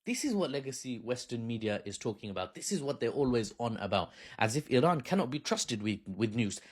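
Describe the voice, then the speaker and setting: A man's voice: medium pitch, sing-song, fairly quick, few pauses, slightly rough. A man giving casual political commentary in a sarcastic, mocking way, with chatty slang.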